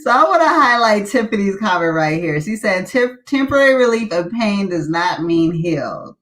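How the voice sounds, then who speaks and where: Animated, laughing woman host. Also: mid-range voice, normal speed. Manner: chatty, laughs often. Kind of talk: casual chat on a live stream.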